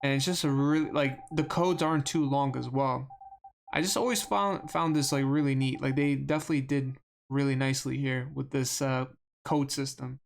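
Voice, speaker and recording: A young man streams a game live from a desk microphone, chatting casually in an earnest, halting way full of restarts and fillers. His voice is gravelly and medium-pitched with fairly even intonation.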